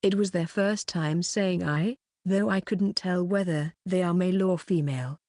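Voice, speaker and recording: Low-voiced woman narrating an audiobook. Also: moderate pace, a little mellow, dry recording, studio quality. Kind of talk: reading a web novel aloud.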